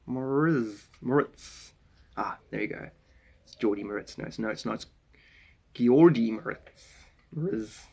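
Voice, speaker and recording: A man's voice: medium pitch, gravelly, breathy edge. A man from South Africa with a South African accent, chatting casually on a live stream, greeting viewers by name and musing aloud in a rambling way.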